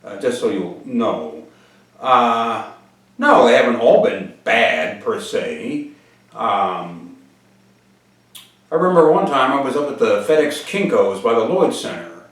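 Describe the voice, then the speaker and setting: A man hosting a deadpan comedic monologue and answering viewer questions. He uses pompous, formal wording broken by frequent hesitant "uh" pauses. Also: medium pitch. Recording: very echoey room, mic far off.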